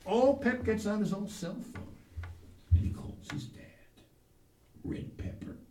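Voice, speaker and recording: A man spinning a folksy comic monologue, his high voice jumping all over and turning gravelly, with bursts of shouting. It sounds like it was caught in a roomy space from a mic well off. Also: animated, unhurried, distant mic, a little hiss or hum. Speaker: comic host in a persona.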